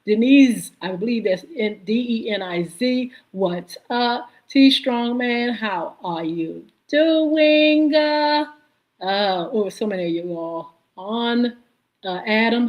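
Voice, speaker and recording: A woman hosting a live-stream podcast, greeting chat viewers by name and pausing often on filler sounds. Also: a little high, highs cut off. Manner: halting, many filler "uh"s. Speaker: podcast host.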